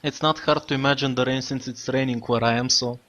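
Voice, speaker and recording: A man's voice: mid-range voice, fairly even intonation, fairly quick, a bit bright. A man playing a tabletop game, joking around and hesitant when in character. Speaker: player.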